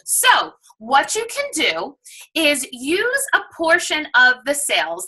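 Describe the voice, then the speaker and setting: A woman with a New York accent giving an enthusiastic, persuasive sales pitch to prospective sellers. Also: sing-song, a little slow, pushed and bright, poor audio. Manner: enthusiastic, persuasive, acts out shoppers' voices. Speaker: direct sales presenter.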